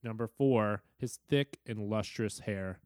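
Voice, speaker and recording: A man's voice: lowish voice, slow pace, dry recording, studio quality. A man co-hosting a podcast, laid-back, reading listener emails aloud in casual chat. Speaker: podcast co-host.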